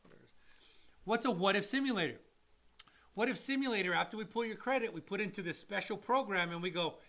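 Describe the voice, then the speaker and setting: A man who is a loan officer and co-host, giving casual mortgage advice and acting out people in quick quoted voices. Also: high-pitched, pushed and bright. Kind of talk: casual live-stream advice talk.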